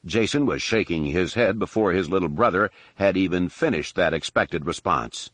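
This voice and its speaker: A man reading a novel as narrator, in steady, even storytelling. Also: low-pitched, moderate pace, no echo. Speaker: audiobook narrator. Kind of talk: scripted narration.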